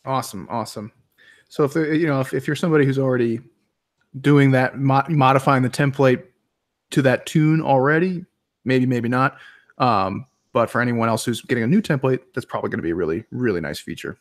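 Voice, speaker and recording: A man co-hosting a casual webinar, laid-back and joining in the banter. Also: mid-range voice. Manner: laid-back, laughs along, quick banter. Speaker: webinar co-host. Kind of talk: casual chat.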